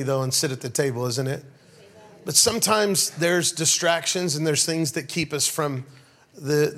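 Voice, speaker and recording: A middle-aged pastor preaches to his church in its sanctuary, telling funny stories and calling out to the congregation in call-and-response. His voice is on the high side and a bit bright.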